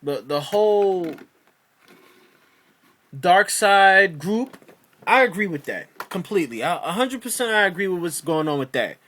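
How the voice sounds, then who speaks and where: A man's voice: high voice, expressive, unhurried, long pauses, sharp tone. A man ranting in a casual video review of a TV episode, exasperated and profane, rambling with many restarts.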